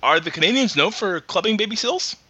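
A man's voice: high voice, lively intonation, brisk, bright, forceful tone, breathy edge, dry recording, dull audio. A man co-hosting a casual comedy podcast, mocking and sarcastic. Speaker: podcast co-host.

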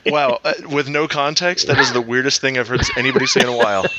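A man's voice: medium pitch, fast talker, sharp tone, dry recording, dull audio. A man co-hosting a casual podcast, joking and sarcastic. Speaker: podcast co-host. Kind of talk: casual chat.

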